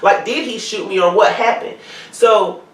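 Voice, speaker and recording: Woman guest, lively storyteller, roomy distant sound. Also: mid-range voice, normal speed. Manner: animated, acts out quoted voices. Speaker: guest telling her story. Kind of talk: casual storytelling interview. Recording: echoey room, distant mic.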